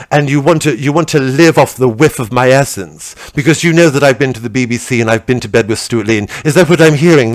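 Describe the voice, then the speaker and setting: A man's voice: mid-range voice, no room sound, natural voice, rough recording. A man playing a vain, scatterbrained female celebrity comedian in stand-up character comedy, gushing and rambling about herself. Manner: gushing, rambling, self-absorbed. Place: comedy stage at a festival show.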